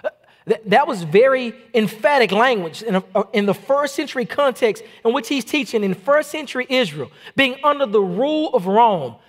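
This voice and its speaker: A man preaching a sermon as a pastor, in an animated, conversational style with frequent repetitions, streamed online from his church. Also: very high-pitched, normal speed.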